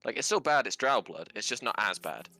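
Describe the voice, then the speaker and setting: Fast-talking bright man player. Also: medium pitch, big pitch swings. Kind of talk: casual tabletop game chat.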